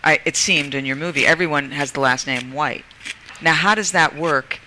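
A man hosting a casual interview who asks eager, quick questions. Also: a little high, pushed and bright, a little hiss or hum, low-quality recording. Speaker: talk show host.

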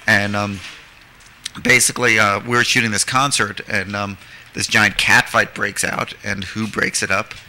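A man's voice: on the low side, level tone, normal speed, bright, forceful tone. A man being interviewed as a filmmaker, telling long anecdotes in a rambling way with many fillers. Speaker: guest filmmaker. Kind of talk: casual interview storytelling.

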